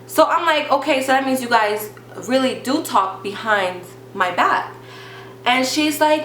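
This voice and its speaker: A young woman tells a personal story in a casual vlog, talking in a chatty, animated way full of restarts. Her voice is bright and sharp. The room is echoey, with a faint hiss behind her. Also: high-pitched, slow, long pauses. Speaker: vlogger telling a story.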